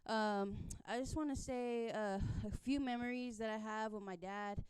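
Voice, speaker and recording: High clear-voiced young woman telling a story. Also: normal speed, a little mellow, no echo. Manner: storytelling with many fillers and laughs. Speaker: church member giving a testimony. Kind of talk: personal testimony at a church service.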